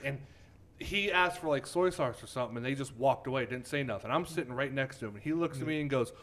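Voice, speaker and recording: A man's voice: medium pitch, fast, a bit bright, slight background noise. A man in casual chat, telling an anecdote and laughing through it.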